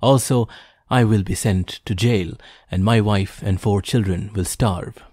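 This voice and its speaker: A man's voice: on the low side, unhurried, darkish tone, breathy edge, no echo, studio quality. A man voicing a humble, wily poacher who pleads earnestly with the hunter. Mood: anxious.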